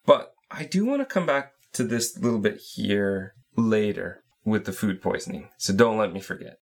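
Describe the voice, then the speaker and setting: A man's voice: fairly low pitch, animated, moderate pace. A man co-hosting a casual podcast, methodically recapping the scenes of a game. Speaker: podcast co-host.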